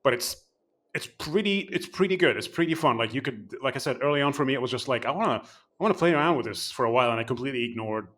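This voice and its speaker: Guy on a gaming podcast talking fast, mid pitch, animated and rambly, lots of restarts. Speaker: game podcast co-host. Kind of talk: casual chat, game review discussion.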